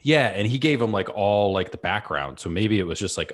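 Low-voiced laid-back male podcaster. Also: lively intonation, brisk, few pauses. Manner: laid-back, explaining with many fillers. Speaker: podcast co-host. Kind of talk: casual chat.

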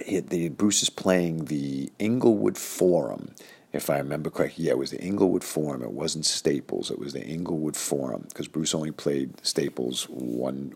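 A man's voice: a bass voice, vocal fry, a little mellow, breathy edge. A man in his fifties telling a rambling personal story, full of fillers, acting out the people he quotes.

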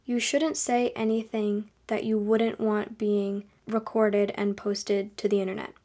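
A young woman hosting a podcast, giving advice in a calm, earnest, conversational monologue. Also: mid-range voice, a little slow. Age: young adult. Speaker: podcast host.

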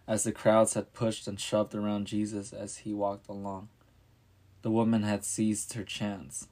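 A man reading a storybook narration in a calm, measured way. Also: fairly low pitch.

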